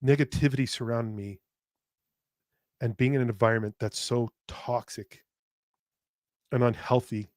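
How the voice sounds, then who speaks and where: Male podcast host, mid pitch, dry close sound; emotional, halting delivery with restarts and blunt swearing. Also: fairly even intonation, darkish tone, no room sound. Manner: halting and emotional, with frequent restarts and repeated words; earnest, speaking straight to listeners. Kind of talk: candid personal podcast monologue.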